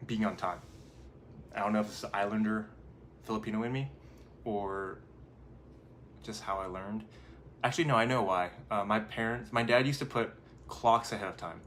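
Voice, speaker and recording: Low-voiced man, casual motivational chat. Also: moderate pace, long pauses, fairly bright tone, slight background noise. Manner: conversational, rambling, acts out inner thoughts in quotes. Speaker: life coach and channel host. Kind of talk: casual motivational talk to camera.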